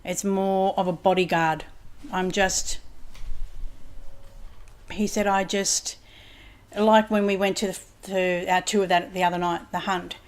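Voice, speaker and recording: A woman's voice: lowish voice, level tone, measured pace, pauses often. A woman, a psychic medium guest in a casual home interview, who rambles and keeps retelling conversations with "he said". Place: home lounge room.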